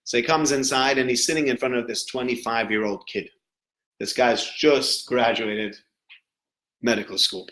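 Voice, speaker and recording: A man giving a sermon as a rabbi, telling stories in an animated way and acting out the people in them. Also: mid-range voice, normal speed. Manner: animated storyteller who acts out the people in his stories. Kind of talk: storytelling sermon. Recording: roomy echo.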